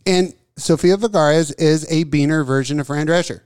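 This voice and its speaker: A man with a notably high voice tears into celebrities with loud, profane, emphatic rants. He sounds close and dry, as on a small studio mic. His delivery is casual banter on a crude talk show. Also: a little fast, clear, resonant tone, no echo. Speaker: podcast co-host. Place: small studio with desk mics.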